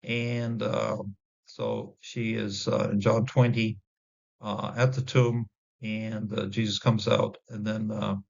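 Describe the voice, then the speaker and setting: Halting man teaching, gravelly dull recording. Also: on the low side, level tone. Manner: halting, many fillers and restarts; sounds out Hebrew words slowly. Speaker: Bible teacher. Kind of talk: informal Bible word study.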